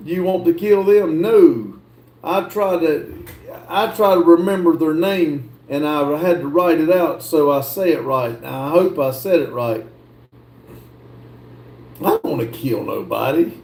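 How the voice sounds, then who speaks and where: Slow-talking man in an echoey room. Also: on the high side, mellow. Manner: slow, drawling, reads comments aloud and answers. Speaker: livestream host reading chat. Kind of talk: casual chat.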